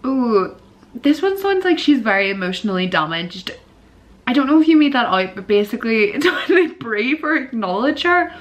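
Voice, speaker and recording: Young woman vlogger, chatty and giggly, high lively voice with big swoops. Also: normal speed. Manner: giggly, animated, swoops into squeals and disgusted groans. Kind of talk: casual chatty vlog.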